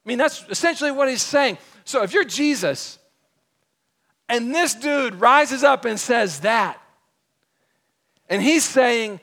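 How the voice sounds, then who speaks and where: A man's voice: high voice, animated, a little slow, a bit bright. A young adult man preaching a sermon in a conversational way, acting out the people in the story he tells. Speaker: pastor.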